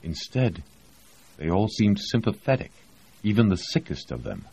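Deep husky male audiobook narrator. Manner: measured, expressive storytelling. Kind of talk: scripted narration. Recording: dull lo-fi recording.

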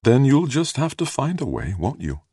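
A man reading aloud voices a serious, gentle young woman in an audiobook, raising his voice to play her. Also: lowish voice, animated, fairly quick, slightly rough, no room sound, studio quality, voice pushed up.

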